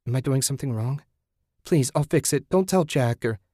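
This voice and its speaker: A man voicing a frightened, submissive young woman who speaks quietly and mumbles. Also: on the low side, expressive, a little fast, dry recording, studio quality. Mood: pleading.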